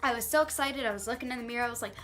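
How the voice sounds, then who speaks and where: Young woman, storytime vlogger, fairly high voice, animated, faint music behind. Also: rapid-fire. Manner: animated storytelling, quoting others in acted voices. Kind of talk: storytime vlog. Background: faint background music.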